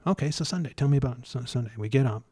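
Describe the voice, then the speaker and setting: Male guest, mid-pitched, halting casual storyteller who livens up in the retelling, dry room. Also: breathy edge, dry recording. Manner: halting, many restarts and fillers; animated when retelling scenes. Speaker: guest researcher.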